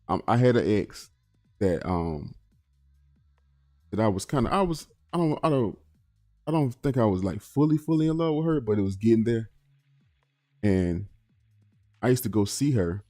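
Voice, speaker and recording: A man's voice: lively intonation, moderate pace, pauses often, mellow, no room sound, studio quality, faint music behind. A man, casually telling a personal story to his viewers as a channel host, rambling with restarts. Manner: rambling with restarts, acts out quotes in a high voice.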